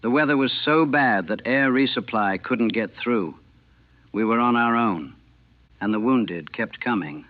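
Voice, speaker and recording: A man narrating his wartime memories as a chaplain in a somber, measured, grave way. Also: mid-range voice, dry recording. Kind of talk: first-person war memoir narration. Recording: narrow phone-like band, dry.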